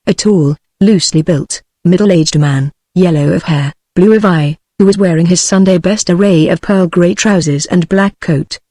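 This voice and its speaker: A text-to-speech woman's voice with a British English accent narrating an audiobook in an even, steady way. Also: fairly low pitch, dry recording.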